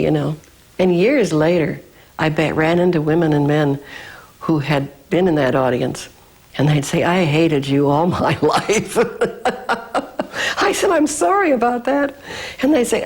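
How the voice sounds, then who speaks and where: Woman, very low husky voice, wry interview anecdote. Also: darkish tone, poor audio. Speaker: former child performer.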